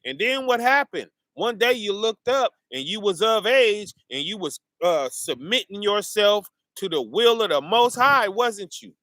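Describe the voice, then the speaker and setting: A man's voice: high voice, expressive, measured pace, hardly any pauses, pushed and bright, dry recording. A man, preaching informally and firing off rhetorical questions to his listeners.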